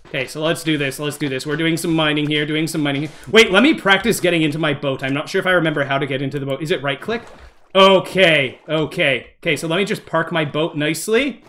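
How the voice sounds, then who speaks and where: A young man streaming a game live to his chat, excitable and jumpy, repeating himself in bursts when scared. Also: on the high side, quick pace. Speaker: gaming streamer. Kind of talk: live gameplay commentary.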